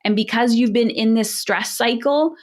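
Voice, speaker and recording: A woman's voice: on the high side, normal speed. A woman parenting coach in a podcast interview, talking in a direct, emphatic coaching manner.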